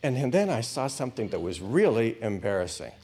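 A man preaching, telling a personal story, swinging between loud bursts and hushed asides. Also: mid-range voice, very animated, fairly quick, husky. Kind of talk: sermon storytelling.

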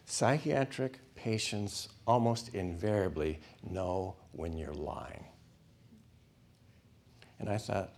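A man's voice: fairly low pitch, slow, pauses often, a little mellow. A middle-aged man, a former hospital chaplain, telling a story to a class, dropping to whispers and acting out voices. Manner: dramatic, drops to whispers and acts out voices.

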